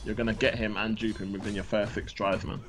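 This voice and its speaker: A man's voice: fairly low pitch, level tone, fast talker. A young British man in casual chat on a call, stumbling over repeated words and filling his talk with "bro" and "man". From Britain.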